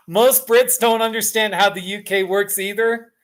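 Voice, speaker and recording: A man's voice: sits high, a little slow, sharp tone. A tired middle-aged man hosting a casual live stream from his couch at home, rambling, self-deprecating and laughing often. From United States.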